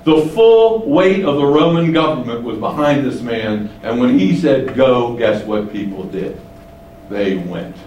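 A man teaching the Bible, explaining and asking rhetorical questions, shifting his pitch for emphasis. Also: expressive, measured pace, darkish tone, highs cut off. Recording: echoey room, distant mic, faint hiss.

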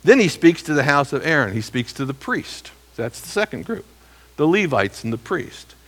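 Emphatic bright-voiced male preacher. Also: fairly high pitch, sing-song, normal speed. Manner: emphatic, rhetorical questions, reads scripture aloud. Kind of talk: expository sermon.

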